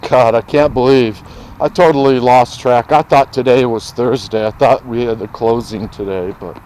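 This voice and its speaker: A man talking casually to camera in a vlog, rambling and thinking aloud, often clearing his throat, moving between his workshop and yard. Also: mid-range voice, fairly even intonation, normal speed, darkish tone, rough recording. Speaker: vlogger.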